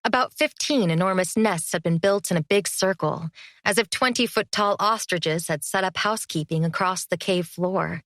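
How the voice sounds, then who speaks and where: A woman's voice: on the low side, moderate pace, a bit bright, no room sound, clean studio sound. Woman narrating a fantasy audiobook. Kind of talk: first-person audiobook narration.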